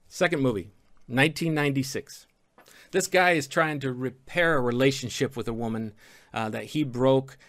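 A male pastor delivers a sermon with lively, animated energy and playful asides to the congregation. His voice sits at a middling pitch.

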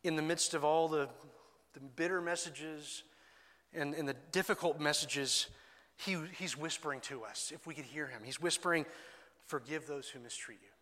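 A man's voice: on the high side, moderate pace, sharp tone. A man preaching a sermon as pastor, earnest and conversational, often restarting his phrases. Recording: long hall reverb.

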